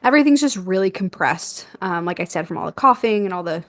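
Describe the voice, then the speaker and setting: Animated young woman telling a birth story. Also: mid-range voice, fast, dry recording. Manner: animated, laughs often, acts out quoted dialogue. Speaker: podcast guest, doula.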